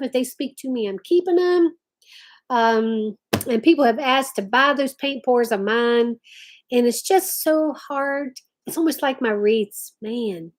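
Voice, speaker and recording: A woman hosting a casual craft livestream from home, chatting and reading viewer comments aloud. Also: a little high. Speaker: livestream host.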